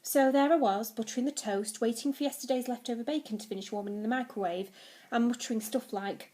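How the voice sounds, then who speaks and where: A woman teacher reading a children's novel aloud to her class, telling it in a lively way. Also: fairly high pitch, fast talker.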